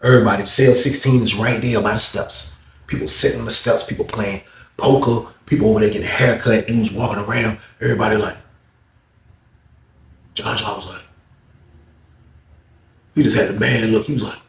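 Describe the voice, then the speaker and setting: Brief: New man, animated storyteller, slang-heavy, voices other people, roomy echo. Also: moderate pace, vocal fry, long pauses. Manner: acts out other people's voices, jumps high when excited. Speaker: storyteller recounting prison life. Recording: echoey room.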